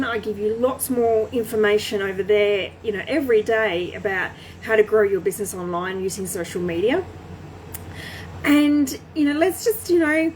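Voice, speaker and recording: A woman's voice: fairly high pitch, a little hiss or hum, poor audio. A woman talking casually to camera as a small business coach, chatty and full of fillers and restarts.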